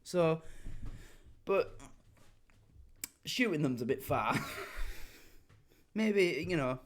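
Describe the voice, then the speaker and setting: A man hosting a reaction video, chatty and sweary, rambling as he comments. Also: mid-range voice.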